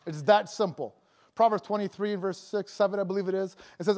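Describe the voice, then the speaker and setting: A man's voice: sits high, fairly quick, darkish tone. A man preaching a sermon as an evangelist, joking and laughing often between points, talking loosely with lots of fillers and restarts.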